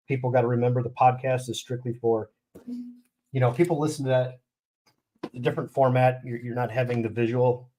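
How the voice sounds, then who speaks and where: A man's voice: mid-range voice, a little mellow, slight background noise. Blunt, ranting man hosting a live stream. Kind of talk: casual live-stream chat.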